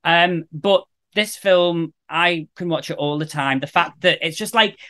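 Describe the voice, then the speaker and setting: Animated, bright-voiced male podcast host. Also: on the high side, measured pace. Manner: animated, jokey, rambling enthusiasm. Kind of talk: casual podcast chat.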